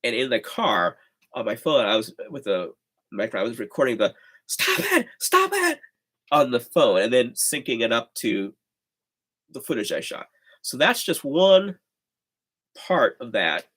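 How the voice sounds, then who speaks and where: A man's voice: medium pitch, lively intonation, normal speed, fairly bright tone. Chatty man hosting a livestream. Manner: rambling, chatty, with sighs and laughs. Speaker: host of a livestream. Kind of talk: casual livestream chat.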